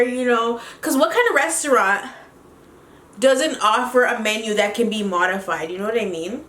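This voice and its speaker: A woman vlogger telling a story in a casual, animated, chatty way while doing her makeup, with quick laughs. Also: a little high, reverberant. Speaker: beauty vlogger.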